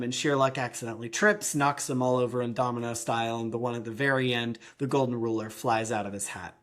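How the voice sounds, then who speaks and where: A woman with a notably low voice talks casually as a podcast co-host. She walks through a cartoon's plot with animated energy and slips into silly voices for the characters. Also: brisk, hardly any pauses. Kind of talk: casual chat recapping a cartoon episode.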